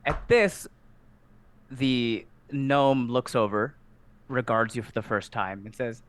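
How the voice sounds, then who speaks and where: A man narrating a tabletop game as dungeon master, in a playful, animated way. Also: mid-range voice, measured pace, clean tone. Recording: music underneath.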